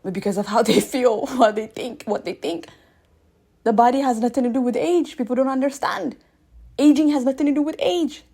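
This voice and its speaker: Animated woman in her thirties, fairly high. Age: 30s. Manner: animated, swings between loud bursts and soft asides. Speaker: radio show host. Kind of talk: casual spiritual monologue.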